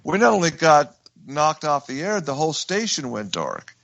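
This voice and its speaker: A man's voice: fairly high pitch, big pitch swings, normal speed, creaky, a bit bright, no room sound. A man hosting a radio talk show, telling a story with emphatic restarts. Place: radio studio.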